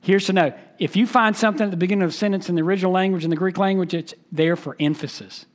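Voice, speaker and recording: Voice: mid-range voice, steady tone, rapid-fire. A pastor preaching an expository sermon, emphatic and teaching, repeating key phrases and asking the listeners questions.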